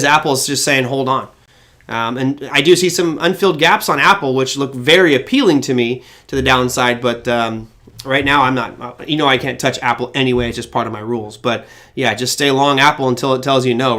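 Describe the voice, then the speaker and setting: A man hosting a live-stream market show, chatting casually with viewers and telling animated stories. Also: mid-range voice, brisk. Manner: animated storyteller who breaks into impressions. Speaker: trading show host.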